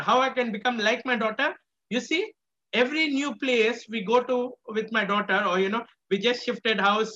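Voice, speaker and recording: An emphatic preacher with a bright, pointed voice delivers a sermon, coming back to phrases again and again and answering their own questions. The recording is muffled and lo-fi. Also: mid-range voice, a little hiss or hum. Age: adult with a small child. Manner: emphatic, repeats key phrases, asks rhetorical questions.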